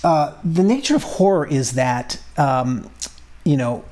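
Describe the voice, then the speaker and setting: A man talking through his thoughts in a casual discussion, halting and full of restarts and fillers. His voice sits slightly high. He repeats words as he works toward his point. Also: expressive, darkish tone.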